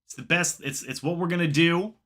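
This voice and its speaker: A man hosting a live reaction stream, calling the plays himself and chatting with viewers. He gets excited during plays and mutters quietly in the asides. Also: on the high side, a little fast. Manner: excitable, bursts up when plays happen, then mutters asides. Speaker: live stream host doing play-by-play. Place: home, watching the game on screen.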